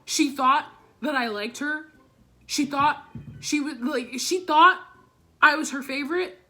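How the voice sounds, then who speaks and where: A young woman vlogger with a high, bright voice tells a school story straight to camera. She is animated and swears freely. She acts out the lines of the people in the story. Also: measured pace. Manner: animated, swearing, dramatic re-enactments. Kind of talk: storytime vlog.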